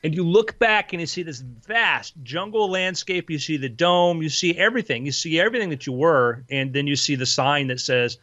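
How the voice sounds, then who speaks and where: A man narrating as game master of a tabletop game in a dry, deadpan way. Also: fairly high pitch, normal speed, hardly any pauses, dry recording. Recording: slightly muffled dry audio.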